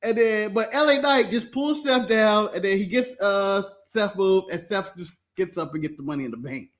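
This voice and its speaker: A man, talking in a lively, laughing way and acting out other people. It is relaxed podcast chat from a co-host. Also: sits high, moderate pace. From United States. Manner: animated, laughing, mimics people.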